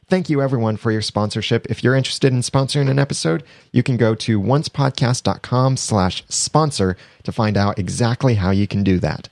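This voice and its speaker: A man's voice: medium pitch, a little mellow, dry recording. A man hosting a podcast in a chatty, casual way, reading sponsor plugs and laughing often. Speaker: podcast host.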